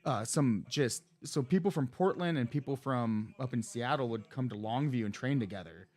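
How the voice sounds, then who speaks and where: A man's voice: mid-range voice, normal speed, darkish tone. A man in his thirties, a podcast guest, telling a long story in casual chat, rambling and swearing with many restarts and fillers.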